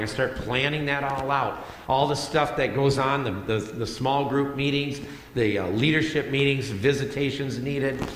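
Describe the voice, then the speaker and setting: A male pastor delivers a sermon in a plain, conversational way, circling back on phrases to press them home. His mid-pitched voice rings around a church sanctuary with a long reverb tail. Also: fairly bright tone, slight background noise. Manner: conversational, repeats phrases for emphasis. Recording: echoey hall with long reverb.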